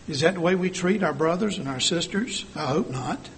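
Older man, sermon, earnest, rhetorical questions, slightly high voice, faint background hiss. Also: expressive, normal speed. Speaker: church speaker.

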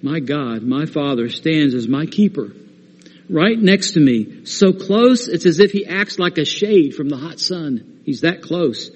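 A man delivers a sermon in an earnest, steady voice that climbs to emphatic stress on scripture quotes. His voice sits a little high for a man. A long hall reverb trails each phrase. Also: measured pace, husky. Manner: earnest, rising to emphatic when quoting scripture. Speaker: preacher.

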